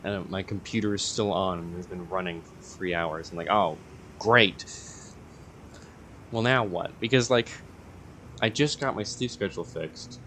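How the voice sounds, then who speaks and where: Young male YouTuber, lower register, meandering and hesitant delivery, faint background hiss. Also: normal speed, fairly bright tone. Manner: rambling, hesitant, many fillers and self-corrections. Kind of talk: casual rambling vlog monologue.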